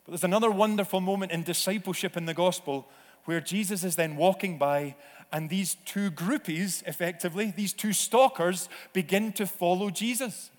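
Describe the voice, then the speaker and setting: Male pastor, slightly high voice, unhurried preaching, church reverb. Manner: slow, deliberate preaching with acted-out voices. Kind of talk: sermon. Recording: long reverb of a church hall.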